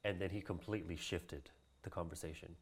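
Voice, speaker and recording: A man's voice: sits low, fairly even intonation, a little fast, breathy edge. A man from Hawaii, a cultural practitioner, telling a long personal story in a casual interview, acting out the voices of the people he quotes and laughing often.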